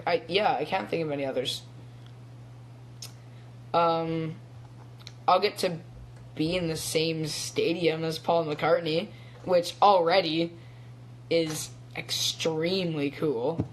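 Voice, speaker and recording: A man's voice: fairly high pitch, steady tone, slow pace, long pauses, slight background noise. A teenage boy chatting casually on a phone live stream, rambling with lots of ums and little laughs. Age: teens. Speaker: young actor live-streaming. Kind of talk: casual chat.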